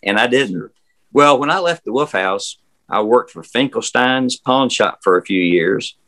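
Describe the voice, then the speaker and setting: A man's voice: medium pitch, animated, measured pace, a bit bright, low-quality recording. An older man with a Southern US accent, a former historic house guide, telling stories in a rambling, folksy way full of fillers and restarts. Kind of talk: casual storytelling interview. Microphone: remote video call.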